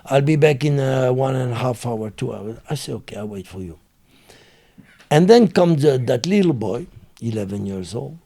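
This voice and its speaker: Gravelly French-accented man. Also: medium pitch, lively intonation, warm tone. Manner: halting, fillers, broken English. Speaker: interview guest. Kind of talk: casual storytelling.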